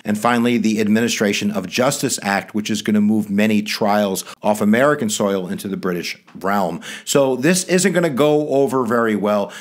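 A middle-aged man giving a casual, jokey history lecture to students as their teacher. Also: lowish voice. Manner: lively, jokey, talks straight to students.

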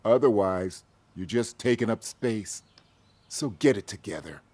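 An actor voicing a gruff, no-nonsense farm boss handing out pay in a video game. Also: male voice, lowish voice, a little slow, a little mellow, dry recording. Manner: blunt, businesslike.

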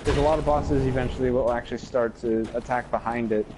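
A man coaching a friend through a video game, talking haltingly with many fillers and restarts. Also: mid-range voice, steady tone, noisy background. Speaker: coach giving game tips. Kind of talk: casual gaming chat.

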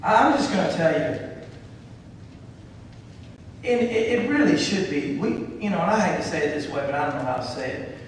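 A man preaching a sermon as pastor, fervent and building to shouts, with many repeated phrases. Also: fairly high pitch, lively intonation, normal speed, long pauses, slight background noise. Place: church sanctuary. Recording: echoey church hall from far off.

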